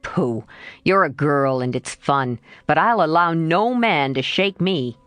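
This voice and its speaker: Woman doing a teenage boy, sulky, growling, lower voice, lively delivery, dry close sound. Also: slow, clear, resonant tone, dry recording, exaggerated voice. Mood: indignant.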